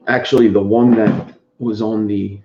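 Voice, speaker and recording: Unhurried and level, a man with a lowish voice hosts a casual live stream where he reviews vapes, rambles, and says hello to chat viewers by name. The recording is very noisy, dull, and lo-fi, made in an echoey room.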